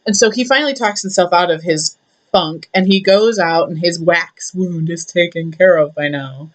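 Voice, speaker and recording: A woman's voice: on the low side, moderate pace. A young woman retelling a myth in a chatty, irreverent way, with many fillers. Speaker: storyteller.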